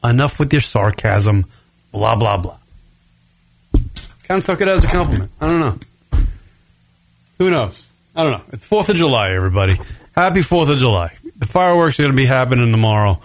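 A man's voice: mid-range voice, sing-song, fast. Rambling, swearing man hosting from home. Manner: rambling, profane, self-mocking, loose from beer. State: a bit tipsy. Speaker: podcast host. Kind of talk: casual solo rant. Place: home studio in his apartment.

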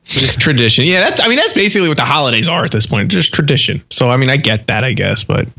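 Thirtysomething guy rambling on a radio show, exasperated, lots of likes and you knows, pitch jumps around. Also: big pitch swings, fast, creaky, sharp tone. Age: 30s. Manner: rambling, exasperated, many fillers. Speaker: podcast co-host. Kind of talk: casual chat.

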